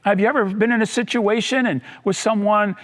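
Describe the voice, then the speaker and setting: A man preaching a sermon as pastor, swinging between emphatic high bursts and low dropped lines, acting out the voices of people in his story and repeating key lines. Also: fairly even intonation, fairly quick, a bit bright.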